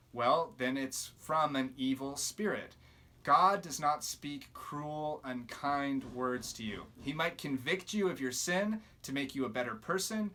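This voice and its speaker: A man's voice: fairly high pitch, sharp tone. A man giving a devotional teaching talk to young people, explaining steadily and earnestly, with emphatic rebukes. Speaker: youth ministry teacher.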